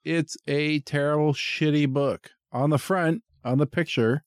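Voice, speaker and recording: A man's voice: a little high, measured pace, dry recording. A man co-hosting a podcast from a basement, swearing freely, cracking crude jokes and ranting casually. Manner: profane, jokey, does silly quoted voices. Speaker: podcast co-host. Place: basement studio.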